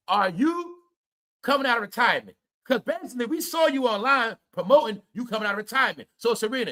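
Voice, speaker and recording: High, bright-voiced man ranting to viewers. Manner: animated, profane, addresses viewers as y'all. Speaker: commentary show host. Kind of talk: ranting video commentary.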